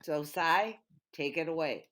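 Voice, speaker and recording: A woman's voice: sits low, measured pace, a bit bright. A woman playing a tabletop game, earnestly arguing her plan with some hesitation. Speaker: player.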